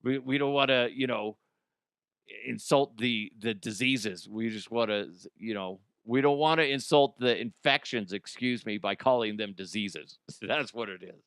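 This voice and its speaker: An American comedy news host rambles through stories, swearing casually and laughing at his own jokes. His smooth, resonant mid-register voice is medium in pitch, fairly bright, and measured in pace. The sound is dry and close with no room echo.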